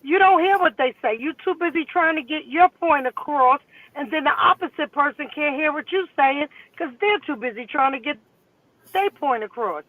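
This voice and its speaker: A woman's voice: sits high, lively intonation, moderate pace, dry recording. A woman co-hosting a casual chat, hyping listeners up and telling stories in a playful, chanting way. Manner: hypes up the audience with playful chants. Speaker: co-host. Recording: tinny phone line, dry.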